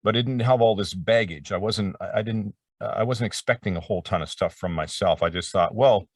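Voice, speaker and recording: A man's voice: lowish voice, a little fast, no echo, studio quality, far from the mic. A middle-aged man telling stories as an interview guest, rambling and breaking off mid-sentence, acting out what people said. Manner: rambling, self-interrupting, acts out quotes. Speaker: voice actor guest. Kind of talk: casual interview storytelling.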